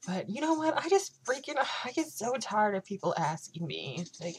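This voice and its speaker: A young woman chatting in her vlog, telling a story and acting out both sides of the conversation in a lively way. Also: mid-range voice, moderate pace, few pauses, soft background music, poor audio. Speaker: vlogger. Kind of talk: casual chat.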